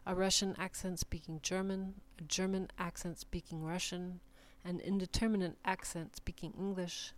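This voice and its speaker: A woman giving a measured, deliberate reading of short numbered literary passages. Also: on the low side, little pitch movement. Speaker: reader.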